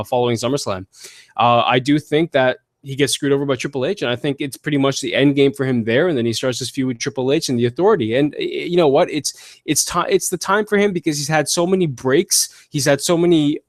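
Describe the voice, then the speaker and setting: A man's voice: mid-range voice, no room sound, studio quality. Blunt, profane man hosting a podcast. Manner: blunt, profane, animated opinions. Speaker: podcast host. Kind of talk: casual wrestling podcast chat.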